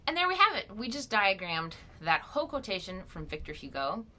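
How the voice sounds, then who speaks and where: Lively bright-voiced woman teaching grammar. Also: medium pitch, a little fast. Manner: patient, explains step by step with questions. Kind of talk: screen-recorded grammar lesson.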